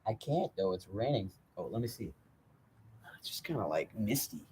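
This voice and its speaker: A man's voice: lowish voice, sing-song, normal speed, a little mellow, slight background noise. A man live-streaming from a phone in a motel parking lot in light rain, talking in a rambling, profane, chatty way. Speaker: vlogger. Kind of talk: live-streamed walking vlog.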